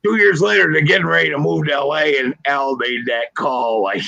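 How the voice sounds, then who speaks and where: A man co-hosting a casual sports podcast, telling stories in an animated way. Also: fairly high pitch, normal speed, creaky, dull audio. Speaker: podcast co-host.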